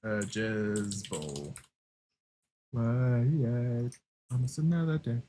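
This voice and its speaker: A man streaming a game and chatting casually, excitable, laughing a lot and swearing often. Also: mid-range voice, drawn-out words, a little hiss or hum. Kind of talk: casual livestream chat while gaming.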